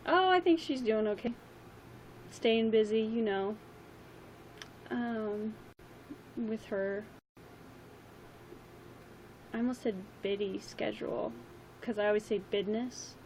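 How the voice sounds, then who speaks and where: A woman's voice: medium pitch, a little slow, long pauses, a little mellow, slight background noise, poor audio. A young woman chatting casually on a livestream, rambling with lots of ums and likes, her voice a little worn. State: slightly losing her voice.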